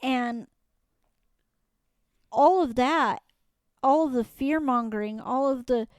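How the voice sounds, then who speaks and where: A woman's voice: high-pitched, slow, clear, resonant tone, dry recording, poor audio. A woman co-hosting a casual podcast, stuffy from allergies, laughing often and swearing freely. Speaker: podcast co-host. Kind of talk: casual chat.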